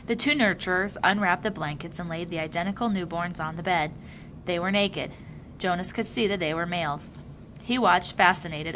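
Female audiobook reader, lower register, measured narration, slight background hum. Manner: measured, even storytelling. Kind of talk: reading a novel aloud.

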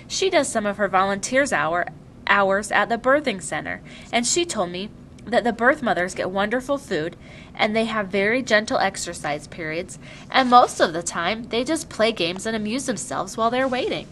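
A woman's voice: medium pitch, expressive, normal speed, fairly bright tone, slight background noise, natural voice. A woman voicing a chatty, eager young girl in an audiobook reading. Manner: bubbly, talkative.

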